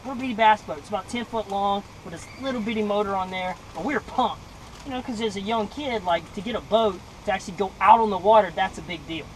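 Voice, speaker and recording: A young man from Mississippi, telling a lively personal story in a devotional talk and acting out the voices. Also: sits high, quick pace, a little hiss or hum, poor audio. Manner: animated storyteller acting out voices, laughing often. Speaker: devotional speaker.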